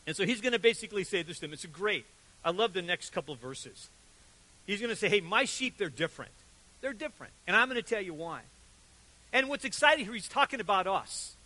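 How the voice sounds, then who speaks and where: An older man preaching a sermon, telling animated stories and acting out quotes with sudden loud and soft turns. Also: high voice, low-quality recording. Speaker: pastor.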